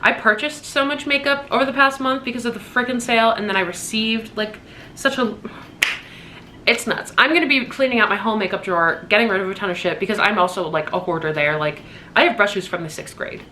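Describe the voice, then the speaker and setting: A woman in her twenties chatting excitedly in a casual birthday haul vlog at home, gushing and swearing casually. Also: medium pitch, brisk, a little hiss or hum. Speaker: vlogger.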